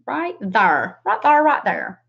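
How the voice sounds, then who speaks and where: A woman's voice: fairly high pitch, sing-song, takes it slowly, creaky. A woman in her forties with a Southern US accent, chatting casually while doing her makeup on a livestream and greeting viewers by name. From American South. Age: 40s. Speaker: makeup vlogger. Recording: slightly dull lo-fi sound.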